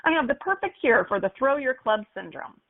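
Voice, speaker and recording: A woman with a fairly high voice teaches in an upbeat, animated way. She acts out playful examples as she explains. The sound is thin and narrow, like it came down a phone line. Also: a little fast, gravelly. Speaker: marketing instructor for golf courses. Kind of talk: webinar lesson on copywriting.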